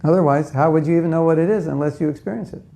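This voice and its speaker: A man's voice: on the high side, racing, vocal fry, warm tone. A man giving a conversational spiritual talk to a live audience, often asking them questions and acting out inner voices. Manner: acts out inner voices in quotes. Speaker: spiritual teacher.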